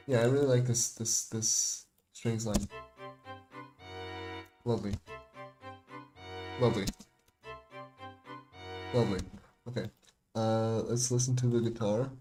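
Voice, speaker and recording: His voice sits lowish and dark. A young producer streams a loose, rambling breakdown of a remix he made, stumbling through fillers and restarts and laughing often, with music faintly audible underneath.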